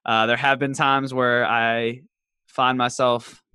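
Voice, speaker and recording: A man's voice: medium pitch, flat delivery, slow, sharp tone, clean tone, no room sound, studio quality. A man from Southwestern Virginia with a light Southern accent, hosting a casual podcast chat, laughing often as he tells stories. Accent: Southern American, light. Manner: chatty, laughs often, playful storytelling. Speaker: podcast host. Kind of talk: casual conversation.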